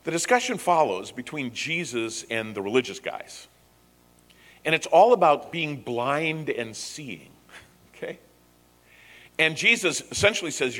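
Animated preacher man in an echoey hall. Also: a little high, measured pace, pauses often. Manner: animated storytelling with paraphrased dialogue. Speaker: pastor. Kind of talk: sermon.

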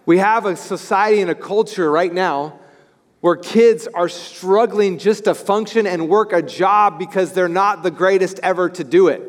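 A man preaching a sermon as pastor, animated, swinging from loud to hushed. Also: sits high, moderate pace. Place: church sanctuary. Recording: echoey hall with music.

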